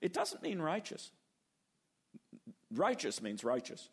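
A man preaching a sermon, animated, acting out biblical voices and slowing down to stress key words. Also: lowish voice. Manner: animated, acts out biblical voices, slows for emphasis. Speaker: pastor.

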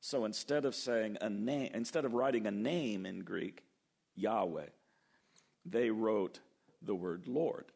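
An older man preaching a sermon, lively and acting out the quoted voices as he goes. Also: lowish voice, takes it slowly, gravelly, breathy edge. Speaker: pastor.

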